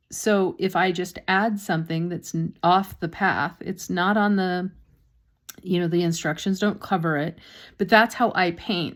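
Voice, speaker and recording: A woman painting instructor talks casually through a step-by-step demonstration, with chatty, self-deprecating asides and a slightly sore throat. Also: lowish voice.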